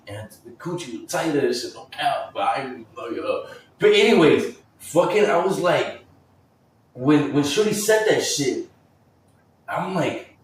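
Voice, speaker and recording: A young man telling a casual, rambling story full of slang and swearing. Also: medium pitch. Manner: slangy, profane, rambling and animated. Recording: roomy echo, mic far off.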